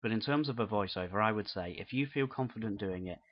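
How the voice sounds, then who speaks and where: Speaking fast in a voice on the low side, a British man presents an unscripted lesson on business marketing. He comes across as earnest, encouraging and conversational, though the recording sounds muffled.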